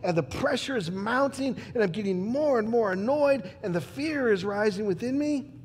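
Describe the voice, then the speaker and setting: A man playing a troubled, proud Roman governor in a dramatic church monologue, emphatic and swinging between loud declarations and hushed asides. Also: sits high, expressive, moderate pace, in a large hall, slight background noise. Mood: exasperated. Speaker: character monologue performer.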